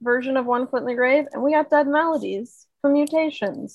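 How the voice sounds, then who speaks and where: A woman's voice: high voice, moderate pace, hardly any pauses. A woman co-hosting a podcast in casual, upbeat chat, full of "like" fillers. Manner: chatty, upbeat, many "like" fillers. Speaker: podcast co-host.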